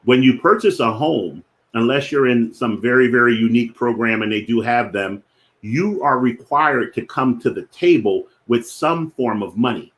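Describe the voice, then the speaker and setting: A man with a strong Philadelphia accent talks through money basics in a mid-range voice. He lays out his points deliberately and slows down to repeat key definitions for emphasis. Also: mid-range voice, animated, a bit bright. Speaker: finance show host. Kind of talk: explanatory finance talk.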